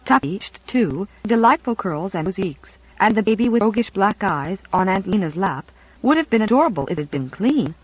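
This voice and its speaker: Audiobook narrator, expressive and lively in pitch, dry, dull sound. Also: brisk. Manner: expressive storytelling.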